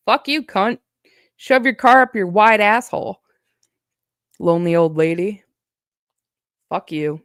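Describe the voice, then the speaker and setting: A woman's voice: on the low side, unhurried, pauses often, fairly bright tone, clean tone, no echo, clean studio sound. A woman in a heated, profane livestream rant, sarcastic as she calls out her online critics. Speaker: streamer addressing online critics.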